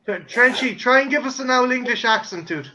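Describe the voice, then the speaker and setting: A man's voice: very high voice, lively intonation, brisk, noisy background. A man hosting a casual watch-along chat with friends, teasing them and restarting his sentences. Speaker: stream host.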